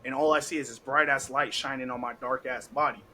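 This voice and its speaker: A young man hosting a podcast, telling a story in a casual, animated way, laughing often and acting out what people said. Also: medium pitch, a little fast, slight background noise, rough recording. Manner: animated, laughing, heavy cursing, acts out quotes. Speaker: podcast host.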